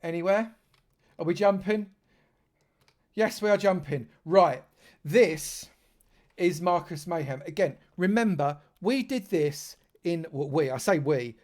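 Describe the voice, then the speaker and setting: A man's voice: fairly high pitch, expressive, measured pace, a little mellow. A man from London, giving chatty live commentary on a game stream and joking with dry sarcasm. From London, England.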